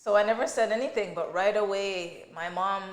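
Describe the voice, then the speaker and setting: A woman's voice: mid-range voice, fairly quick, reverberant. A woman, a podcast guest, telling a painful personal story in conversation and often quoting what others said. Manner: emotional, quotes others' words.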